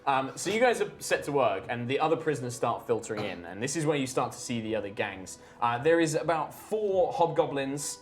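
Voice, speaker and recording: Game master narration, low and lively, over background music. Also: female voice, fairly quick, hardly any pauses. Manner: rambling, laughing scene description with lots of fillers.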